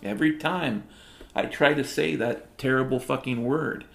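A man's voice: medium pitch, moderate pace, creaky. A middle-aged man from Washington state delivering a profane, sardonic, rambling comedic monologue. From Washington state, USA. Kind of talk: comedic spoken-word monologue. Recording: roomy echo with music underneath.

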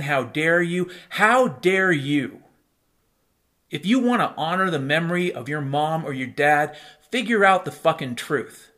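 A man's voice: on the high side, fairly bright tone. A man hosting a solo commentary show, ranting in a profane, sardonic way. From United States. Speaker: podcast host.

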